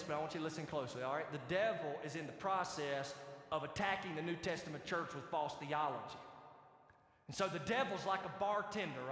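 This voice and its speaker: A male pastor preaching a sermon in an animated, conversational way, asking the congregation questions. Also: on the high side. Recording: echoey hall reverb.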